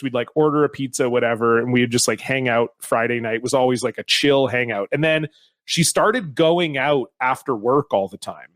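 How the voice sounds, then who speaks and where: A man's voice: mid-range voice, no echo. A man co-hosting a podcast, telling a rambling story in casual chat, swearing often and restarting his sentences. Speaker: podcast co-host.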